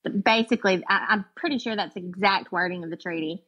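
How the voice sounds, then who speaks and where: A woman's voice: medium pitch, quick pace, sharp tone, lo-fi sound. A woman co-hosting a podcast, chatting casually and joking with sarcasm. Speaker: podcast co-host. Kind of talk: casual chat.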